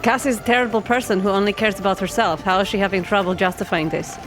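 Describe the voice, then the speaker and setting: A woman's voice: medium pitch, fairly even intonation, fast, natural voice. A woman playing a desperate, scheming mother. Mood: scornful.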